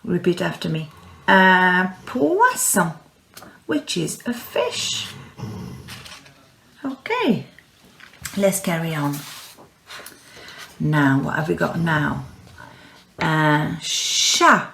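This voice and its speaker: A woman teaching French words to young pupils, speaking slowly and patiently and stretching words out for them to repeat. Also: low voice, expressive, creaky, reverberant, slight background noise. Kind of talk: slow, clear classroom instruction.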